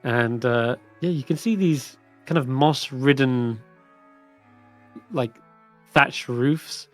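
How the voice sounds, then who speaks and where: A man's voice: mid-range voice, slow, soft background music. A man narrating a tabletop game as dungeon master in a casual, rambling way.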